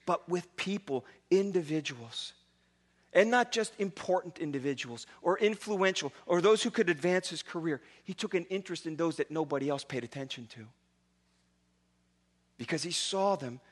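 Male pastor, animated sermon delivery, high and bright tone. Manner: animated storytelling with casual asides.

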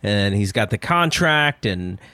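A man co-hosting a podcast, talking in a casual, animated way as he rants through a critique. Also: on the low side, a little slow, no room sound. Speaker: podcast co-host.

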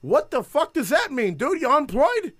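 A man's voice: very high voice, huge pitch swings, moderate pace, fairly bright tone, no echo, studio quality. A man who does stand-up, telling a story in casual podcast chat, swearing and laughing as he goes. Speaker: stand-up comedian. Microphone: studio mic on camera.

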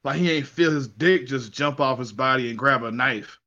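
A man in casual chat, telling a story in an animated, slangy way, swearing and laughing as he goes. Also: mid-range voice, normal speed, lo-fi sound. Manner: slangy, says y'all and ain't.

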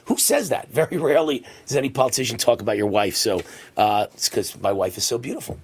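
A middle-aged man hosting a radio and TV talk show, boastfully telling stories and acting out shouts in a husky voice. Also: animated, quick pace. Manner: boastful storytelling, acts out shouting with rising pitch. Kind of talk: conservative talk radio monologue.

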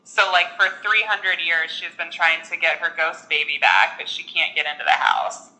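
A woman's voice: low voice, moderate pace, pushed and bright, rough recording. A woman chatting casually about a film, filling her talk with "like" and laughing often. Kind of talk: casual movie discussion chat.

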